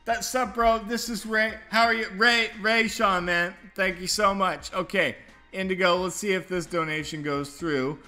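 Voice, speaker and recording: A man's voice: high-pitched, fairly even intonation, sharp tone, soft background music. A man hosting a casual livestream chat, rambling, swearing a lot and laughing often. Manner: profane, rambling, quick to laugh. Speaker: livestream host.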